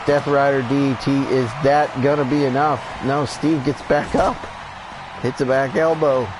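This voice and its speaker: A man giving excitable, profane play-by-play commentary on a wrestling video game as he plays, laughing often. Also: medium pitch, rough recording. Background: game music.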